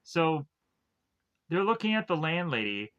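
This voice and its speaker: A man's voice: on the high side, very animated, measured pace, a bit bright, smooth, dull audio. A man casually recapping a film's plot as a reviewer, rambling with lots of "like" and "uh" fillers. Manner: rambling, filler-heavy with constant "like" and "uh". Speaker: film reviewer.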